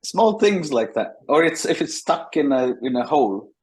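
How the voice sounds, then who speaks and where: A man, a guest in a casual interview, telling animated stories with frequent restarts. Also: fairly high pitch, normal speed, breathy edge, low-quality recording.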